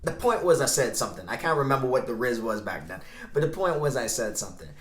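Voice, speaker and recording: A man's voice: medium pitch, animated, fast. A man talking casually to camera as a vlogger giving dating advice, telling stories and acting out both sides of conversations. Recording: roomy echo.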